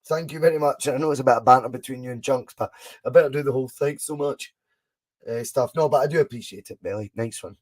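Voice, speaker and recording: A young Scottish man hosting a live fan watchalong, chatting casually, reacting excitedly to the match and answering viewers' comments. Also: mid-range voice, very fast. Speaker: podcast host doing a live fan watchalong.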